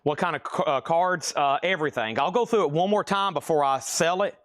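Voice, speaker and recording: A man's voice: a little high, brisk, fairly bright tone, no room sound, clean studio sound. A man hosting a livestream sale, chatty and rambling, a little out of breath, calling out items and bids as he thinks aloud. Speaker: live sale host. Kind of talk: livestream auction patter.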